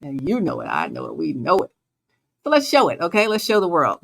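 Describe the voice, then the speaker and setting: A woman hosting her own show and talking straight to her listeners. Her delivery is animated, jumping between high and low notes and between loud and soft. She laughs often through her casual motivational talk. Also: fairly quick, vocal fry. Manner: animated, swings pitch and loudness, laughs often. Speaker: host.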